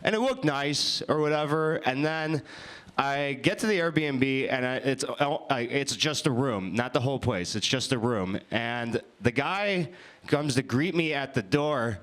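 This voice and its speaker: A man's voice: mid-range voice, expressive, measured pace, a bit bright. A young man doing an improvised stand-up set, rambling and swearing and laughing at his own stories. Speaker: improv comedian. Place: winery comedy show with live audience.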